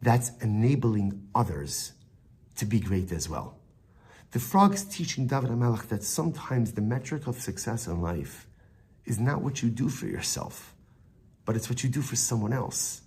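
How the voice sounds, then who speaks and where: A man's voice: medium pitch, lively intonation, moderate pace, a little mellow, husky. A man giving a Torah lesson as a rabbi, telling the story with Hebrew phrases woven in and often repeating words as he thinks.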